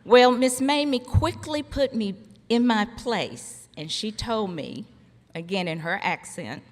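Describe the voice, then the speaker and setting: Slow-spoken woman in a reverberant hall. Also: on the high side, lively intonation. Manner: slow, deliberate delivery with pauses for laughs. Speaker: commencement speaker, former college faculty member. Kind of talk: formal ceremony speech with humorous storytelling. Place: large hall at a graduation ceremony. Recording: long reverb of a large hall.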